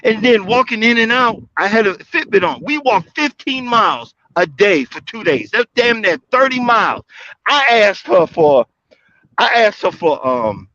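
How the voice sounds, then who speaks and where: A man on a livestream call telling casual stories, animated, acting out quotes with big jumps in his voice. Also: sits high, moderate pace. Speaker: guest speaker on a livestream call. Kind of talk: casual storytelling. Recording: dull lo-fi livestream audio.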